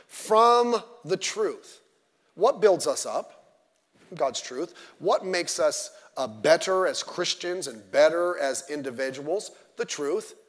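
High-voiced pastor preaching in an echoing hall. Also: male voice, takes it slowly. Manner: animated, digressive, joking asides. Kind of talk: sermon. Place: church sanctuary. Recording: long church-hall reverb.

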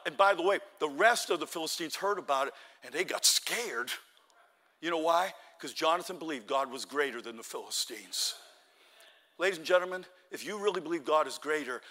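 A man preaching in a church with a high, bright, forceful voice that rings out through a long hall reverb. He tells Bible stories with animated, acted-out dialogue and climbs to shouts at the peaks. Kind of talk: sermon.

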